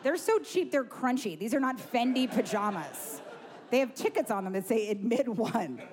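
A woman's voice: a little high, expressive, normal speed, background noise. A woman doing a stand-up set, brash and profane, full of likes and you-knows. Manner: brash, profane, filler-heavy. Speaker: stand-up comedian.

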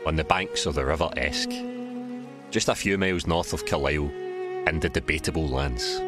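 Scottish male presenter, a wry storyteller with a very low voice, loud music underneath. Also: normal speed. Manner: wry and reflective, acting out dialogue in his storytelling. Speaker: documentary presenter and spoken-word poet. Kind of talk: documentary narration and performed spoken word.

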